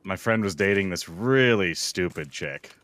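A man's voice: low voice, expressive, measured pace, a bit bright. A man in casual gaming-stream chat, telling rambling, giggly stories with small restarts. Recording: game music behind the voice.

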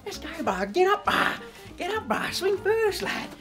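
A man's voice: extremely high pitch, very animated, unhurried, over music, heavily acted. A man playing a brash, crude young male eshay slacker at an office job, with a slangy Australian accent and a swaggering, mouthy delivery. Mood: cocky. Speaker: office worker. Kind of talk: comedy sketch acting.

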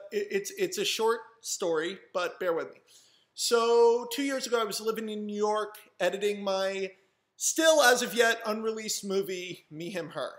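Young screenwriter, animated rambling storyteller, high voice, roomy sound. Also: male voice. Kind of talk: casual storytelling monologue. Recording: roomy echo.

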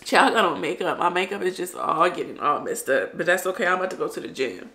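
Bright-voiced young woman vlogging to camera. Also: lowish voice, expressive, fast talker, slight background noise. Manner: tearful at first, then upbeat and chatty with viewers. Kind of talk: emotional casual vlog talk to camera. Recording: echoey room.

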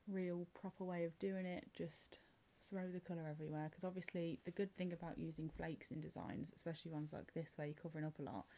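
Chatty woman, low mellow voice. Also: slight background noise. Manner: chatty, rambling, frequent light laughs and "like" fillers. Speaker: nail art vlogger. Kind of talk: casual voice-over tutorial. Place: at home, curling her hair while recording.

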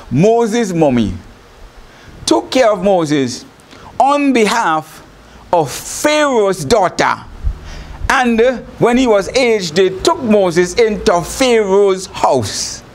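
Male bishop, Trinidad and Tobago accent, high-pitched, lively storytelling sermon. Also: drawn-out words, slight background noise. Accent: Trinidad and Tobago English. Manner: animated storytelling, laughing often. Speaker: bishop, preacher. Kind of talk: sermon broadcast.

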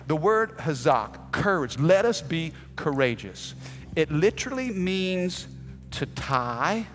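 A man preaching a sermon as pastor, telling stories with animated delivery and shouting out quoted lines. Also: on the high side, takes it slowly. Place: church sanctuary. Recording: long hall reverb.

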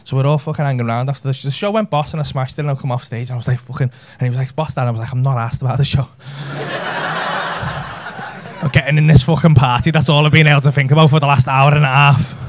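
A man's voice: medium pitch, fast. A man, telling a brash, sweary story in a stand-up set. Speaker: stand-up comedian. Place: comedy club stage with audience laughter.

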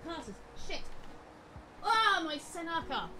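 A woman's voice: very high voice, very animated, slow pace, bright, forceful tone, soft background music. A woman streaming a game, chatting playfully, joking at herself and laughing often. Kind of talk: casual game-stream commentary.

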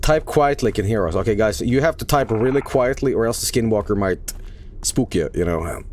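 A man from Sweden streaming a horror game, commenting casually, swearing and yelling at what happens on screen. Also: lowish voice, moderate pace, a little hiss or hum. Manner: excitable, profane, yells and laughs at the game. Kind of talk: live gameplay commentary.

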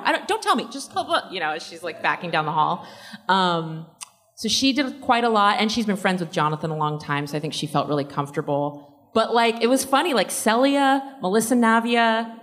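Fielding fan questions as a panel guest, this actor speaks in a fairly low, slightly bright voice, chatty and quick to laugh, with lots of fillers. The long reverb of a large convention hall surrounds her.

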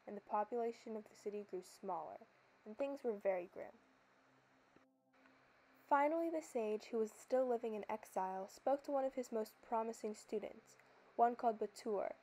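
A woman narrating a folktale in a calm, scripted storybook style. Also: fairly high pitch, rough recording.

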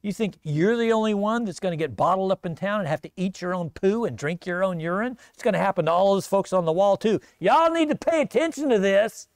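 Guy doing a cocky bully commander, mocking, kinda gravelly and high. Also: lively intonation, a little fast, few pauses, no room sound, clean studio sound. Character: boastful threatening male enemy army commander.

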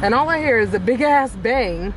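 A woman's voice: a little high, animated, normal speed, noisy background. A woman vlogging casually from her car into a phone, chatty and rambling, calling her viewers y'all. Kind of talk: casual vlog chat.

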